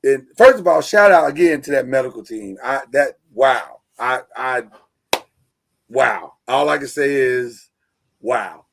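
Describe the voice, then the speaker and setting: A man hosting a live sports talk show online, energetic and joking, loose with fillers. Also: medium pitch, unhurried, gravelly, background noise. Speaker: host.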